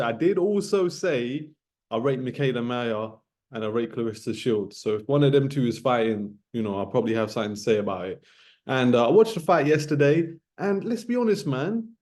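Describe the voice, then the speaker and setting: Ranting man, mellow voice. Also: mid-range voice. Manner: emphatic, repeats himself, drops 'man' and 'bro' at the ends of phrases. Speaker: boxing commentator vlogger. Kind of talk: casual ranting monologue to camera.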